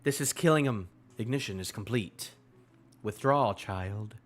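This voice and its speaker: A man's voice: fairly low pitch, unhurried, voice pushed down, natural voice. A man voicing a cold, stern woman commander from a comic, reading her lines in a clipped, dismissive way.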